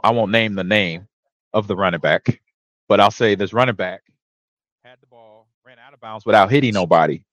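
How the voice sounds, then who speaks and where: A man's voice: fairly low pitch, dry recording, highs cut off. Easygoing guy spinning old locker room stories, dry close sound, laughs a lot. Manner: relaxed, laughs often, acts out quotes. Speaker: show host, former running back. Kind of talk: casual storytelling.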